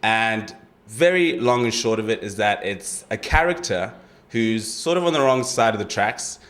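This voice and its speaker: A man setting up and closing his audition monologue as a talent show contestant. His voice moves lively up and down, relaxed and explanatory. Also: lowish voice, normal speed. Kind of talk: audition introduction.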